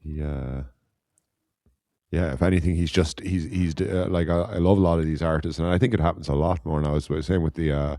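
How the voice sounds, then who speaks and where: A middle-aged Irish man with a very deep, dark voice, rambling through casual podcast chat. He halts and restarts often, full of fillers. The sound is dry and close. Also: fairly even intonation, a little fast, no echo. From Ireland. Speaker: podcast co-host. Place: living in Germany.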